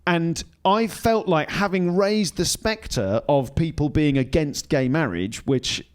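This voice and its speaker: A man's voice: a little high, slow. A man, a podcast host interviewing a comedian, thoughtful and probing, speeding up when he recounts things. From Britain. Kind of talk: casual interview chat. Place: live podcast recording in a venue.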